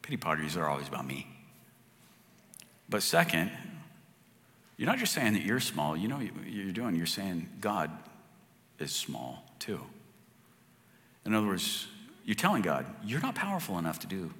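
Male pastor, lively sermon voice, long church reverb, loud then hushed. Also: low voice, a little slow, long pauses. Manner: conversational, swings from loud to hushed.

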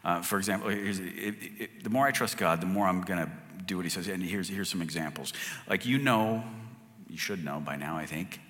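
A man preaching a sermon as pastor, conversational, swinging from loud to hushed. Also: deep voice, a little fast. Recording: long hall reverb.

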